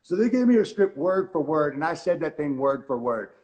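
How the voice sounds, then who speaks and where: Profane excitable man telling a story. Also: on the high side, a little fast. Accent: Southern Californian. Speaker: guest wrestler. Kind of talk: casual storytelling in an interview.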